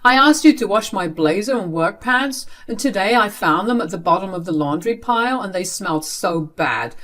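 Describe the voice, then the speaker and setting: A woman's voice: medium pitch, expressive, moderate pace, a bit bright, close to an everyday voice. A woman voicing a spoiled young adult brother who complains and blames others, in her own everyday voice. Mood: complaining. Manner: complaining, accusing.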